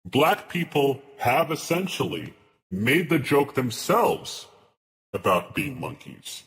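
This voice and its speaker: A man hosting a live reaction stream and talking directly to his chat. He argues his points deliberately, breaks off and restarts words, and his pitch rises and falls widely. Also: very animated, a bit bright. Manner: deliberate, restarts mid-word while arguing a point.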